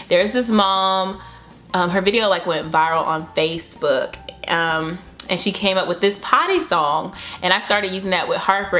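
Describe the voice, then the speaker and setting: A woman's voice: on the low side, fairly bright tone. A young woman talking casually about raising her toddler in a home vlog, chatty and upbeat, with cheering bursts. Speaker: mom vlogger.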